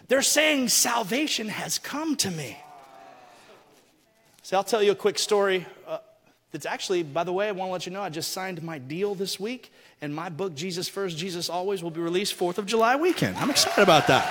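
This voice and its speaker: A man preaching a sermon, telling stories and acting out the people he quotes, building to loud, forceful passages. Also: sits high, a little hiss or hum. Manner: animated storytelling, acts out quotes, rising to shouts. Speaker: pastor. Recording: long hall reverb.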